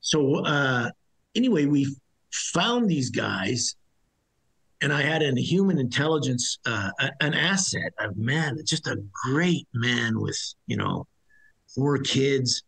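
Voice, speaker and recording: A man's voice: medium pitch, vocal fry, fairly bright tone, breathy edge, poor audio. A middle-aged man, a former soldier as interview guest, telling his story bluntly and ramblingly, with many restarts. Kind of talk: conversational storytelling.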